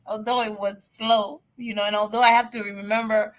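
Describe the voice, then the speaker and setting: A woman answering immigration questions on a live stream, chatty and excitable, often repeating herself. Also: mid-range voice, moderate pace. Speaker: immigration advisor.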